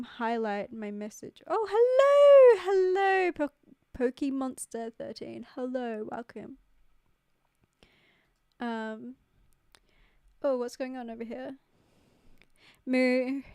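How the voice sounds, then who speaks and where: Streamer, young woman, higher voice, smooth and clear, dry close mic, chatty and giggly. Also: darkish tone, no room sound. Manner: chatty, giggly, lots of "like" fillers. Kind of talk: casual live-stream chat reading comments. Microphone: close studio mic.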